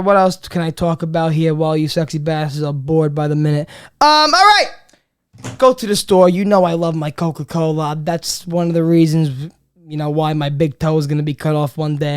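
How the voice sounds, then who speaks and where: A comedy podcast host, ranting in a profane, rambling way that swings between loud bits and muttered asides. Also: medium pitch, steady tone, normal speed, clear, resonant tone. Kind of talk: comedic rant.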